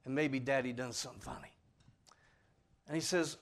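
A man's voice: medium pitch, steady tone, normal speed, fairly bright tone. A man preaching a sermon in a folksy, earnest, pleading way, speaking plainly to his congregation. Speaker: pastor.

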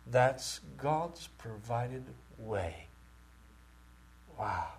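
A man preaching a sermon with great passion, rising to loud cries and dropping to near-whispers. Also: medium pitch, measured pace, pauses often. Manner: impassioned, swings from shouting to near-whispers.

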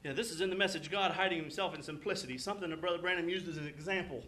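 A young man delivers a sermon with fervent, exclaiming passion. His voice sits high and rings bright and forceful. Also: racing. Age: young adult. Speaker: preacher.

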